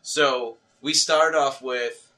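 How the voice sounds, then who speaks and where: A man hosting a casual movie podcast, talking in halting, restarting sentences. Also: medium pitch, steady tone, sharp tone. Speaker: podcast host. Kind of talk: casual chat.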